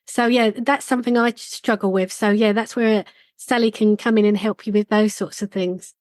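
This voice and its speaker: A woman's voice: medium pitch, steady tone, moderate pace, a little mellow, no room sound. A woman hosting a podcast, chatting in a friendly, agreeing way. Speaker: podcast host. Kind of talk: casual podcast chat.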